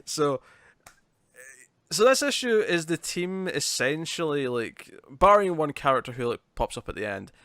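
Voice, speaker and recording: A British man chats about comics on a podcast. His delivery is loose and animated, full of restarts and quick retellings. The recording is close and dry, with no room sound. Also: on the high side, dry recording. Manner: chatty, lively retelling with laughs and restarts. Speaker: podcast co-host. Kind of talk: casual comic review chat.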